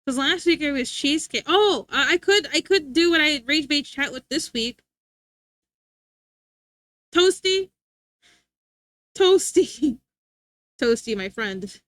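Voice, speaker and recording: A woman's voice: high voice, expressive, moderate pace, fairly bright tone, no echo. A woman streaming live and chatting casually with her chat, playful and teasing, laughing often.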